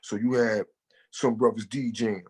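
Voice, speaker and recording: Lowish, husky, and a little mellow, this Bronx man's voice keeps fairly even intonation and a slightly slow pace. A hip-hop artist with a New York accent, he's a guest in a casual interview, speaking in a loose, street-casual way and relying on "you know."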